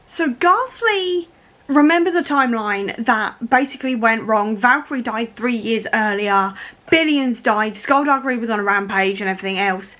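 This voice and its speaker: A woman's voice: on the high side, animated, normal speed, sharp tone. A young woman talking in a casual reading vlog, emotional and laughing through tears as she reacts to a book. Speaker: book vlogger.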